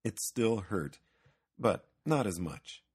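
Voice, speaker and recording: A man narrating a children's storybook reading in a gentle, unhurried way. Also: on the low side, sing-song, husky.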